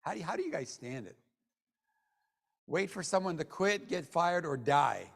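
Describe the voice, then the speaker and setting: A man giving a motivational sales training talk to a room of people, joking, and swinging between low mutters and loud bursts. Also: expressive, normal speed, gravelly. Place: meeting room with an audience. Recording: long hall reverb.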